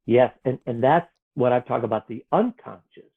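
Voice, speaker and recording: A man, an author, talking earnestly and gently about faith and self-worth, sometimes acting out the voices in his head. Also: mid-range voice, moderate pace, breathy edge. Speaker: author guest. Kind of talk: reflective spiritual conversation. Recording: tinny phone-like line.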